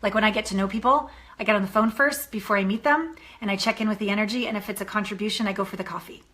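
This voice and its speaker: A woman dating coach giving an animated coaching talk to a course member, acting out the voices in her stories. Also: mid-range voice, very fast.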